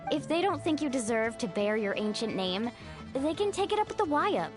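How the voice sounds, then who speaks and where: A woman's voice: high-pitched, big pitch swings, moderate pace. A woman voicing a confident, encouraging young woman warrior in a video game. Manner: encouraging, breezy. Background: game music.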